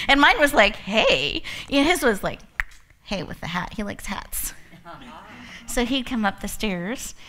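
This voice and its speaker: A woman hosting an event, giving a motivational talk full of personal stories and frequent laughter. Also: on the high side. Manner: laughs often, animated storytelling. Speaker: event host and speaker.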